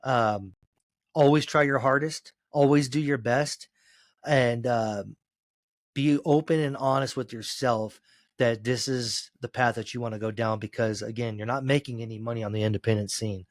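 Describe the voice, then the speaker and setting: A man, a former pro wrestler, telling road stories in a casual podcast chat, cursing freely and rambling, climbing loud and high as he gets worked up. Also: moderate pace, no echo. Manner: profane, rambling storyteller, gets loud and high when excited.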